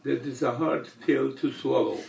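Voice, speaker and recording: An older man delivering a sermon in a slow, measured way with long pauses. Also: mid-range voice, steady tone, gravelly, a little mellow, a little hiss or hum. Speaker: religious teacher. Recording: echoey room, mic far off.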